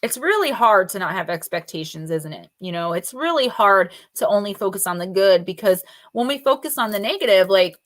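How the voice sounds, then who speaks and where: On her live oracle card reading stream, a woman with a medium-pitched, animated voice talks briskly with few pauses. She keeps things chatty and informal, naming viewers as she goes, with loose fillers and mild profanity.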